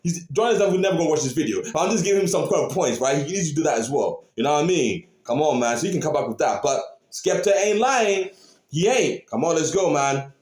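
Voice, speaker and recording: A man hosting a reaction video, talking casually and excitedly to his viewers and repeating his points. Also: on the high side, fast talker. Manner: animated, repeats phrases, talks to viewers. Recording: roomy echo.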